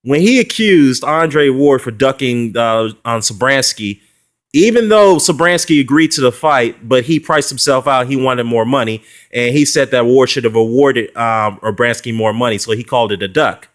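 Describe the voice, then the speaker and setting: A man's voice: mid-range voice, moderate pace. A man talking in a heated, mocking vlog rant, with frequent fillers and short laughs. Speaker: boxing commentary vlogger. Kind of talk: casual ranting response video.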